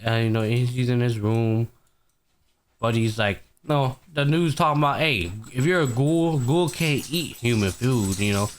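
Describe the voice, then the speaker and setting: A man hosting a casual anime podcast, retelling episodes with heavy swearing and acting out the characters' lines. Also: medium pitch. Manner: animated storytelling, heavy swearing, acts out characters. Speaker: podcast host.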